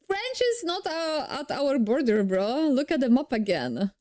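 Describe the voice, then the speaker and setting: A woman's voice: sits high, very animated, a little slow, a little mellow, no echo, studio quality. Chatty woman streamer. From Poland. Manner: chatty, joking asides. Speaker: streamer reacting to a video. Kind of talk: casual chat.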